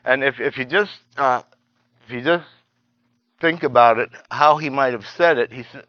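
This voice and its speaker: Man, Bible study teacher, halting restarts, dry dull lo-fi sound. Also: medium pitch, dry recording. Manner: halting, repeats words and restarts, reads scripture aloud.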